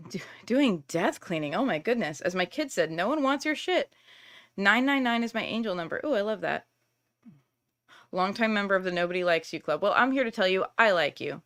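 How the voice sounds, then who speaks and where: A woman's voice: mid-range voice, animated, a little fast, a bit bright. A middle-aged woman hosting a live stream, talking candidly and reassuringly with viewers, with lots of casual fillers. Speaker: tarot reader and workshop host.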